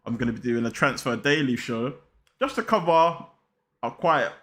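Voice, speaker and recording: A young man chats about football in a loose, slang-filled way. He talks straight to his viewers with hype and energy, at an everyday pitch. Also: expressive, moderate pace, fairly bright tone, slight background noise. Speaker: football channel host. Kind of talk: casual football vlog chat.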